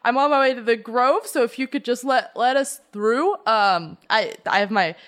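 A woman voicing a tall kitsune woman in disguise who speaks with halting, nervous politeness. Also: on the high side, fairly bright tone, natural voice.

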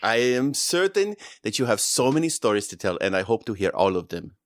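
A man's voice: lowish voice, very animated, brisk, dry recording, clean studio sound. A man voicing a gracious courtly queen. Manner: formal, courtly. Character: gracious young woman, a queen.

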